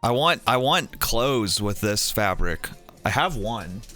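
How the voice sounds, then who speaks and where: A man's voice: fairly low pitch, lively intonation, takes it slowly, pushed and bright, soft background music. A man chatting casually on a live stream, rambling with lots of fillers and restarts.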